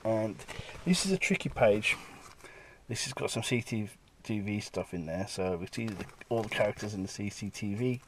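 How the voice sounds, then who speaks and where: A man's voice: lowish voice, normal speed, a little hiss or hum. Man casually walking through his comic pages. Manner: lively, breaks into brief character voices while retelling scenes. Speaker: comic artist. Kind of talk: casual walkthrough of his own work.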